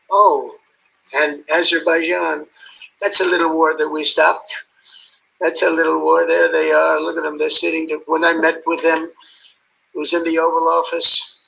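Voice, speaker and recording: A man's voice: on the high side, vocal fry, sharp tone, low-quality recording. A man giving an off-the-cuff ceremonial speech as head of state, rambling, ad-libbing and heaping praise on the leaders he calls out. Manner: rambling, ad-libbing, calling out guests by name; boastful, praising superlatives.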